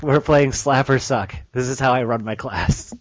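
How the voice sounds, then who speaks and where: A man's voice: mid-range voice, normal speed, no room sound. A man co-hosting a casual, crude comedy podcast, wisecracking and laughing often. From Chicago. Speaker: podcast co-host. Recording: dry, slightly dull lo-fi sound.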